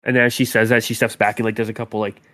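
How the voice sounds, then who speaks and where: A man's voice: lowish voice, flat delivery, fairly bright tone. A man narrating as game master of a tabletop role-playing game, in a loose, chatty way. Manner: loose, chatty narration with quick put-on character voices.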